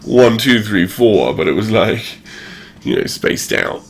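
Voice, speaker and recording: A man's voice: lowish voice, animated, takes it slowly, slightly rough. Tipsy rambling man in his forties. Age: 40s. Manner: profane, rambling, chuckles between thoughts. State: tipsy from drinking. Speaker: livestream host. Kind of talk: rambling casual livestream monologue.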